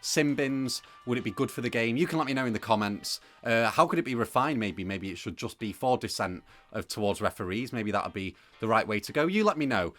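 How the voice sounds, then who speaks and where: A man's voice: mid-range voice, animated, fairly quick, hardly any pauses, fairly bright tone, soft background music. A young man presenting a football opinion piece to camera, talking casually with plenty of fillers. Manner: conversational, opinionated, with frequent fillers.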